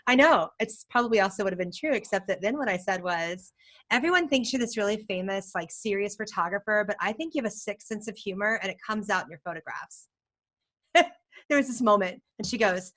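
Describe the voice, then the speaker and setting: A woman from the United States, a photographer guest on a podcast, telling stories in a casual, animated way and acting out what others said. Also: mid-range voice, a little fast. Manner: animated, laughing, acts out quotes.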